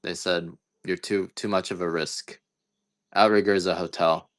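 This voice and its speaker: A man's voice: low voice, fairly even intonation, moderate pace. A man hosting a casual live-stream coffee sale, rambling and joking at his own expense. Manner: rambling, joking, self-deprecating. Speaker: livestream seller of coffee. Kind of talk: casual live-selling chat.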